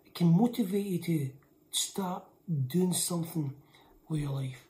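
Woman preacher, low warm voice, emphatic sermon, repeats herself, goes to a whisper a lot. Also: unhurried. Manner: emphatic, repeats lines for weight, often drops to a hushed whisper.

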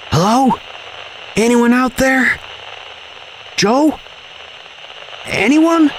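A man narrating a scripted horror audio story in a measured, grim storytelling manner. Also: mid-range voice, slightly rough.

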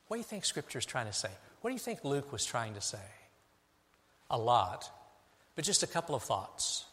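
A middle-aged man, a pastor preaching a sermon, moving between hushed, intimate passages and emphatic, rising declarations. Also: medium pitch, sing-song, normal speed. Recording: long hall reverb.

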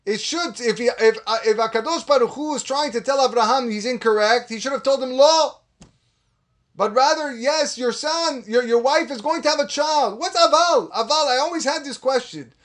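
A man's voice: a little fast, hardly any pauses, fairly bright tone. A man giving an impassioned Torah sermon as a rabbi, repeating words and acting out quoted voices. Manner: impassioned, rising to a high pitch for emphasis.

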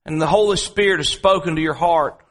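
A man preaching a sermon, telling a story from home and then building to repetitive, dramatic appeals with slow, drawn-out emphasis. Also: fairly high pitch. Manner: dramatic preaching, swings between drawn-out emphasis and quick asides; repetitive, rhetorical delivery.

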